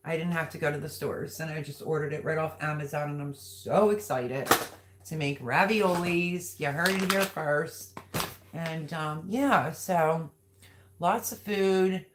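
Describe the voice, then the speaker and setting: Chatty woman reading live chat comments. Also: fairly low pitch. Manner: chatty, rambling, affectionate. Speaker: live stream host.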